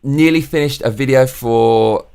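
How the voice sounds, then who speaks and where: A man's voice: mid-range voice, measured pace, darkish tone, clear, resonant tone. An English man hosting his own vlog, ranting in a profane, casual monologue. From England. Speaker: show host.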